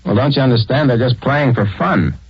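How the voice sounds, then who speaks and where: Male radio narrator, 1940s, explanatory and easygoing; husky, dry, lo-fi. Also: medium pitch, fairly quick, no room sound. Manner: conversational, explanatory. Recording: dull, dry old radio recording.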